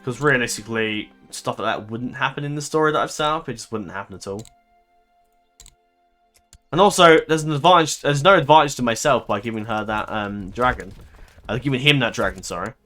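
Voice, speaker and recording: A man talks through a strategy game in casual let's-play style, rambling as he thinks aloud and dropping the odd swear and laugh. His voice is bright and forward at a mid pitch, with faint game music underneath. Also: brisk. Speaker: gaming commentator.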